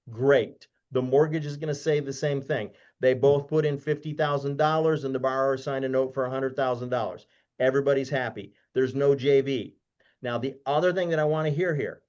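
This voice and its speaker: A man explaining lending points as a guest expert, deliberate and emphatic, repeating key points slowly. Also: medium pitch, darkish tone. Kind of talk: explanatory webinar talk. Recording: dull lo-fi online call audio.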